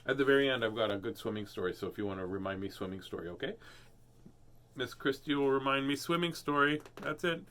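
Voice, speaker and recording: A man's voice: mid-range voice, lively intonation, fast talker, a bit bright. A man hosting a casual live read-aloud of children's books, playful and goofy, often laughing at himself. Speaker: host reading children's books.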